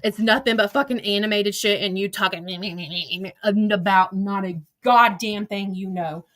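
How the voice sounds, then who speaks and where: Woman ranting on her livestream, cussing a lot, calling out haters, sharp bright voice. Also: medium pitch, normal speed. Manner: profane, combative, confrontational; talks to chat and absent critics directly. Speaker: livestream host. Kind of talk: heated livestream rant.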